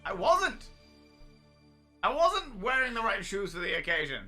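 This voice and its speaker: A man's voice: high voice, unhurried, long pauses, soft background music. A man hosting a casual livestream, telling stories with lots of swearing and bursts of laughter. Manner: animated storyteller, swears freely, bursts into laughter. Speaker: streamer host.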